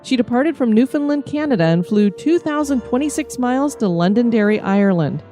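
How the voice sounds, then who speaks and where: A woman co-hosting a podcast, giving a steady, informative scripted history narration. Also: on the high side, brisk, soft background music. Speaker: podcast co-host.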